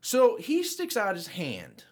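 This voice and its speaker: Animated man telling a story. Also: takes it slowly. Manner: animated, voice jumps high when quoting himself. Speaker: podcast co-host. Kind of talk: casual storytelling chat.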